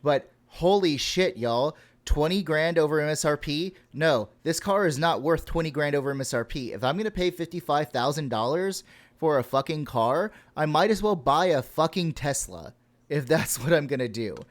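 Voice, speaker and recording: A man's voice: a little high, lively intonation, normal speed. A man from Texas co-hosting a podcast, ranting and swearing casually with laughs. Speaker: podcast co-host.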